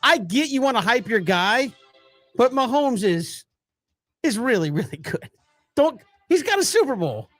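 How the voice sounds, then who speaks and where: A high-pitched man talking football in loose, casual banter. He laughs easily and cheerfully takes the blame when he wanders off topic. Faint music plays underneath. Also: big pitch swings, unhurried, fairly bright tone, no echo. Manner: chatty, laughs easily, self-deprecating. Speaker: co-host. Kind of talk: casual sports talk.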